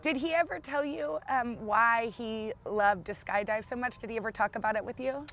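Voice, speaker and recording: Excitable laughing woman with a high voice. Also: moderate pace, highs cut off. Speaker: co-host. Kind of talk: morning show chat.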